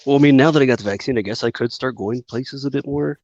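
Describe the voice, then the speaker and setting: Brief: relaxed Californian co-host guy, mid voice, dry and a bit muffled. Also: medium pitch, fast, dry recording. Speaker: podcast co-host. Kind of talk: casual chat.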